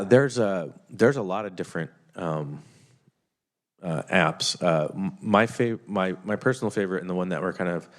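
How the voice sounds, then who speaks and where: A man presenting an IT security training to a legislative committee, talking with many fillers and restarts. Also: deep voice.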